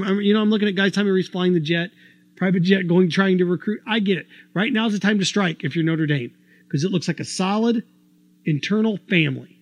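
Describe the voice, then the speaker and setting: A man's voice: sits high, dry recording. A man hosting a sports talk show, delivering an opinionated monologue full of rhetorical questions. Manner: argumentative, rhetorical questions, animated.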